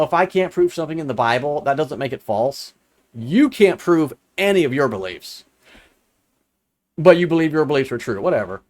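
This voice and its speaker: A young adult man commenting on a viewer's comment, sarcastic and exasperated, repeating lines for emphasis. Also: medium pitch. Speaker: religious commentator answering comments. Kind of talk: casual commentary reading and rebutting a comment.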